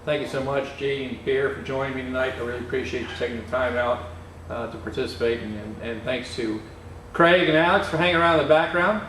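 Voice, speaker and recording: A man's voice: mid-range voice, fast talker, a bit bright. A man hosting a technical webcast, chatting conversationally and explaining things with practical examples from a repair shop. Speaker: webcast host. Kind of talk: casual technical discussion. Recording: echoey shop, distant mic, faint noise.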